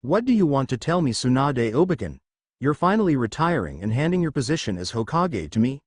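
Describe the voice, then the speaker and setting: A man's voice: mid-range voice, very animated, brisk, breathy edge, dry recording, clean studio sound. A man voicing a brash, cheeky young male hero in a fan fiction reading, in a raised voice. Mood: indignant.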